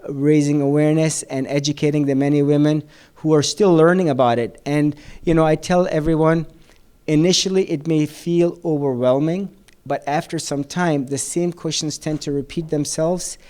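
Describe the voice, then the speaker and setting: Hesitant male surgeon, slightly high voice. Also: steady tone, warm tone, clean tone. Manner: measured, with many hesitations. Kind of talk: introducing a speaker at a seminar.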